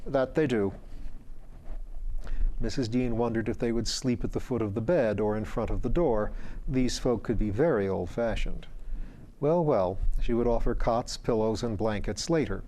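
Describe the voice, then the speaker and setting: A man reading a fantasy story aloud in a measured, dryly wry narration. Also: lowish voice, warm tone, a little hiss or hum. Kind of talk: audiobook narration.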